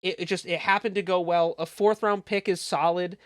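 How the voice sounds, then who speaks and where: A co-host in loose, animated sports chat. The voice sits at a middle pitch, with a dry, close sound and almost no room around it. They swear easily along the way. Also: fairly quick, no room sound. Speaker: podcast co-host.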